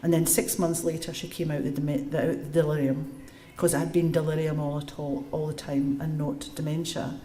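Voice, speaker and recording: Low-voiced woman lecturing in an echoey room. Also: a little fast, few pauses. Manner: lively storytelling, explains step by step. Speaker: lecturer answering audience questions. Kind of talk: public lecture with Q&A. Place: lecture room before a live audience.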